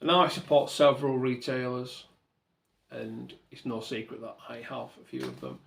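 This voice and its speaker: A man's voice: mid-range voice, sing-song, moderate pace, gravelly, fairly bright tone. A man hosting his own channel, talking earnestly and thankfully in a rambling way and often correcting himself mid-sentence. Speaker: model railway channel host. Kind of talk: reflective to-camera vlog talk.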